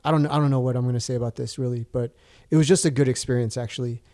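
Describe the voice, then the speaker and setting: A man's voice: mid-range voice, steady tone, rapid-fire, mellow. A man in his thirties casually telling a long story, rambling with lots of fillers and restarts. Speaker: guest.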